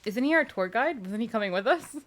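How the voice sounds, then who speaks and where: A woman's voice: a little high, animated, fast. A woman guest streamer bantering playfully and laughing as she plays a game. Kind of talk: casual game-stream chat.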